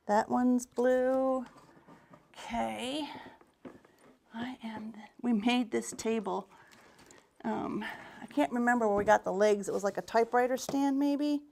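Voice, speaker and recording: A woman's voice: a little high, takes it slowly, gravelly, pauses often, darkish tone. A woman giving a live craft demonstration as a paint retailer, talking in a chatty, rambling way with restarts and muttered asides, a bit out of breath.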